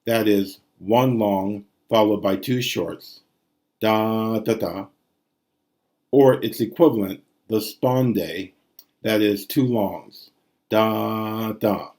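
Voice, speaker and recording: A man's voice: on the low side, a little mellow. A man teaching ancient Greek prosody in a recorded lesson, sounding out syllables and rhythms aloud.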